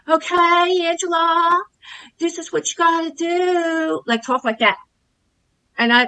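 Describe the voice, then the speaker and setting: A woman's voice: a little high, pushed and bright, low-quality recording. A middle-aged woman earnestly telling the camera about her experience as a coaching client, often repeating her points. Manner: earnest, repeats herself, emphatic on grievances. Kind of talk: personal testimonial to camera.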